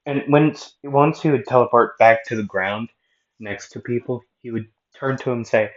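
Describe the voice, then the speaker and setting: A man's voice: medium pitch, normal speed, dull audio. A man casually narrating a fan-made anime what-if story with rambling, self-mocking asides.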